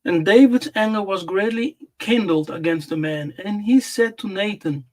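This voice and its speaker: A man teaching scripture on a live stream, slow and deliberate, repeating key words for emphasis. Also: high-pitched. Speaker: Bible teacher.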